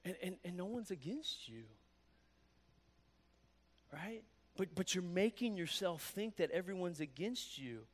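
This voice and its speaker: Animated high-voiced male preacher. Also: unhurried, pauses often. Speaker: pastor. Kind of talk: sermon.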